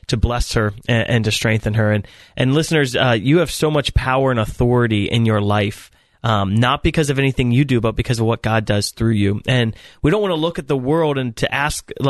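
A man hosting a faith radio show speaks to listeners in a conversational, encouraging way, leaning on fillers like "like" and "right?". His pitch is in the middle range. The recording is dry, from a close studio mic. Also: no room sound.

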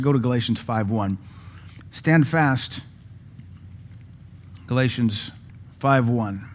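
A man's voice: mid-range voice, a little mellow. A male pastor, preaching a sermon in a conversational, folksy way with asides to the congregation. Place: church.

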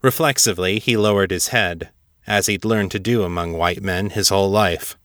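Low-voiced man narrating a story. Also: fairly bright tone, dry recording, studio quality. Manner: measured storytelling. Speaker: podcast fiction narrator. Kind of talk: scripted narration.

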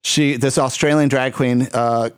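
A man's voice: mid-range voice, steady tone, unhurried, clear, resonant tone. A man hosting a podcast, chatting casually, gushing and joking with frequent laughs. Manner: gushing, giggly, jokey. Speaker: podcast host.

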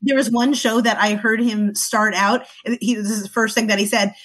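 A woman comedian as a podcast guest, chatting quickly and laughing often. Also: mid-range voice, steady tone, a bit bright. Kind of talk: casual chat.

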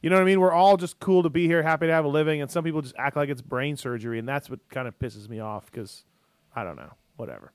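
A man's voice: fairly high pitch, steady tone, fast, hardly any pauses, clean tone, no echo. A man hosting a radio show, joking bluntly in casual chat. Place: radio studio.

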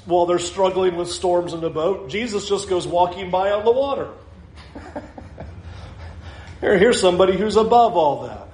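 A man preaching a sermon as a pastor, expressive and slowing down to stress key lines. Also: sits high. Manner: expressive preaching, slows for emphasis. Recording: echoey room.

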